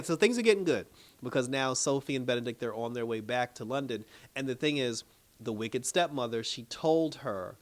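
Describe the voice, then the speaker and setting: A man hosting a casual TV episode review, retelling scenes in an animated way, acting out quotes, laughing often and swearing freely. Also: mid-range voice. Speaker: TV review host.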